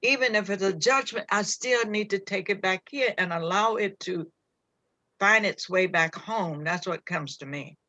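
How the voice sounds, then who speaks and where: A woman speaks earnestly on a community call, sharing reflections and circling back as she searches for words. Her voice is bright and clear. It sounds close and dry. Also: medium pitch, normal speed, no echo. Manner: earnest, searching, with many restarts. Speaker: call participant.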